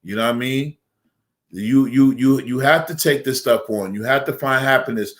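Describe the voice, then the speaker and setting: A middle-aged man talks casually as an imam on a roundtable panel. He jokes a lot and fills his talk with "you know". His voice sits at an average pitch for a man. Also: moderate pace, fairly bright tone. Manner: joking, folksy, many fillers.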